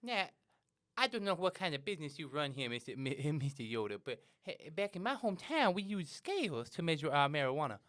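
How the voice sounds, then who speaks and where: Man putting on a naive young southern guy, earnest, stammering, raised bouncy pitch. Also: big pitch swings, fairly quick, a bit bright.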